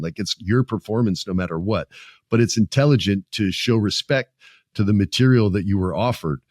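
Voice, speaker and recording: Animated, profane man hosting a podcast. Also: low voice, dry recording, studio quality. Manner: animated, profane, acts out quoted voices. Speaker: podcast host. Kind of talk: casual podcast chat.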